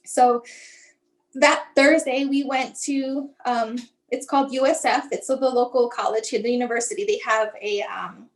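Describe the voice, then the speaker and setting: Woman, high-pitched, guest telling a personal family story with emotion; acts out the dialogue. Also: fairly even intonation, normal speed, poor audio. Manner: acts out remembered dialogue, frequent "like" and "um". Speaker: guest, mother telling her son's story. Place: lives in the Tampa area.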